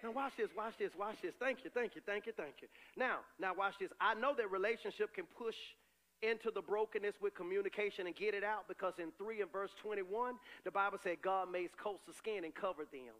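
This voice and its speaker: High, bright-voiced animated preacher. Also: male voice, fairly quick. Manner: animated preaching, shifting between loud cries and low asides. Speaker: pastor. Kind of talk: sermon.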